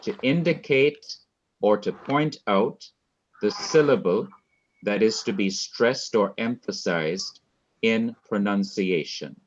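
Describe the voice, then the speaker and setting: A man teaching a Hebrew class, explaining slowly and repeating key points for his students. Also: on the low side, muffled recording. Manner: slow, repetitive, deliberate explaining. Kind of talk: classroom lecture.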